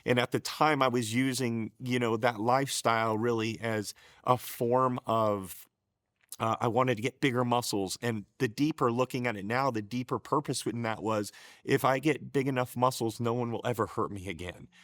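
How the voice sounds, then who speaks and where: A man's voice: medium pitch, steady tone, moderate pace, fairly bright tone, no echo, studio quality. A middle-aged man telling his personal faith testimony in an earnest, emotional way, often getting choked up and restarting his sentences. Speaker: show co-host sharing his testimony.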